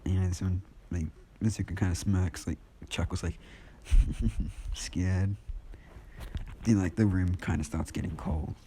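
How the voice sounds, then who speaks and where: A man's voice: deep voice, fairly even intonation, brisk, few pauses, dark tone, a little hiss or hum. A man telling a fan story in a casual, rambling way, packed with fillers. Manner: rambling, heavy use of fillers.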